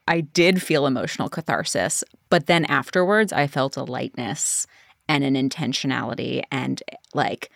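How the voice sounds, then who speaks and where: A woman guest in a casual interview, telling her experience in a candid, animated way. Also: very deep voice, moderate pace, gravelly, dry recording, clean studio sound.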